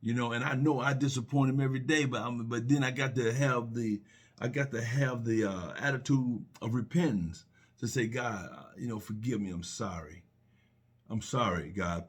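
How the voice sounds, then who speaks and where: A man's voice: mid-range voice, darkish tone. A middle-aged man sharing personal reflections on faith and love, earnest and repetitive, full of rhetorical questions and restarts.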